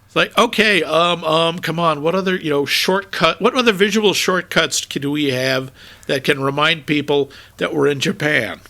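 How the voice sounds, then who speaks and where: Bright-voiced man mocking movie clichés. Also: fairly high pitch, moderate pace. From United States. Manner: exasperated, mocking. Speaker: podcast co-host. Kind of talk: casual chat.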